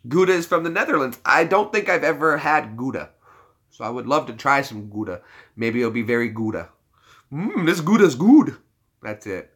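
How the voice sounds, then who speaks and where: A young man from the United States chats casually on his livestream, cracking jokes and playing with words. His voice is bright and forward, and his pitch swings widely. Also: lively intonation, a little fast. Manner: joking, laughs often, plays with words. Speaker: livestream host.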